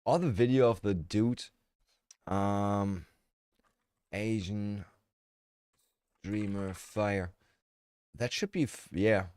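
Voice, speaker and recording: On his livestream, a man narrates and paraphrases a video in a casual, blunt manner, sometimes swearing and laughing. His low, darkish voice is clear and resonant, with drawn-out words and long pauses, and there's no echo.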